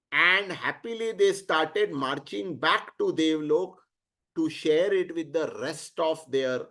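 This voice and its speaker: A man with an Indian accent teaching through an animated story, mixing English with Hindi and putting rhetorical questions to his listeners. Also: high-pitched. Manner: switches freely between English and Hindi. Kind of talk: storytelling lecture.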